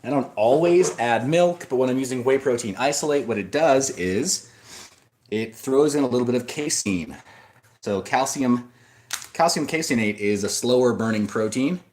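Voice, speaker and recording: Brief: casual male streamer, mid-pitched, loose and rambling, reading out comments from chat. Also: expressive, moderate pace, a little mellow, a little hiss or hum. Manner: rambling, with frequent restarts and asides. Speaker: livestream host.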